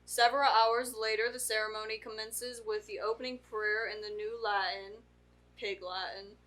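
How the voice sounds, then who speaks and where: A woman's voice: mid-range voice, flat delivery, normal speed, fairly bright tone, rough recording. A teenage girl co-hosting a movie podcast, reading the plot summary aloud and breaking off to joke with her family. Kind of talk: casual chat with read-out plot summary.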